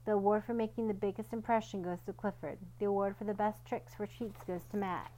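A cheerful female dog teacher from a storybook, encouraging and kind with everyone in her class, as a woman reads her aloud. She sounds upbeat and warm-hearted, with a slightly brighter lift than the narration. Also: mid-range voice, steady tone, brisk, slight background noise, natural voice, low-quality recording.

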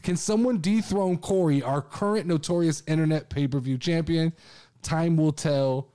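A man hosting a casual show, ranting with excitement and plenty of swearing. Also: fairly high pitch, moderate pace, clean tone. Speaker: podcast host. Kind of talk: casual chat.

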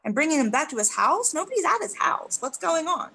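A woman hosting a podcast, telling a story in casual chat with lots of swearing and deadpan asides. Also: high-pitched, brisk, gravelly, slight background noise, rough recording. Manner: profane, animated, deadpan asides. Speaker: podcast host.

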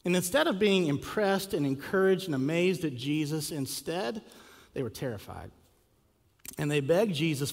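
A man preaching a sermon as a pastor, telling a story with lively acted quotes and rhetorical questions. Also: fairly high pitch, moderate pace, creaky. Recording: long hall reverb.

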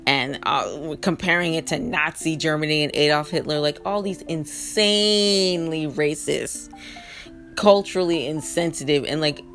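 A woman giving a casual opinion monologue, animated and exasperated, laughing often between points. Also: sits low. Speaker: political commentator. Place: lives in New York City.

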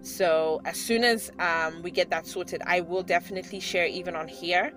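A woman's voice: fairly low pitch, fairly even intonation, moderate pace. A woman in her thirties telling a personal story to her viewers in a chatty way, laughing often and restarting her sentences. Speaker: vlogger. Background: background music.

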